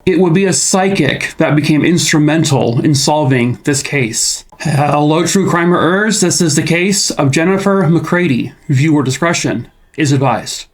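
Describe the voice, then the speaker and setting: A man's voice: on the high side, a little slow. An American man hosting a true crime video, telling cases in a casual, rambling way with many fillers. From United States. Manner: rambling, lots of fillers and restarts.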